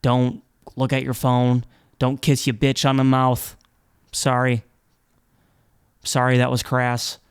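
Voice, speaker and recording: A man's voice: medium pitch, monotone, slow, pauses often, clear, resonant tone. A man hosting a solo podcast in a rambling, playful and profane style, often restarting his sentences. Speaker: podcast host. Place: indoor studio set with black background.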